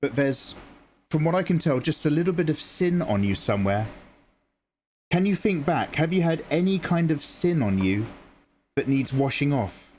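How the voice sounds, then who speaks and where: A man voicing a calm, reassuring old gatekeeper of heaven in a gentle, patient way. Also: on the high side, moderate pace, slight background noise.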